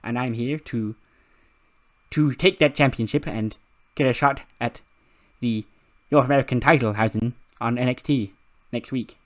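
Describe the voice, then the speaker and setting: A man's voice: medium pitch, normal speed, natural voice. A man doing an impression of a creepy-cute male wrestler who calls himself very nice and very evil, speaking of himself in the third person. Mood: gleeful. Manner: chirpy, odd third-person speech.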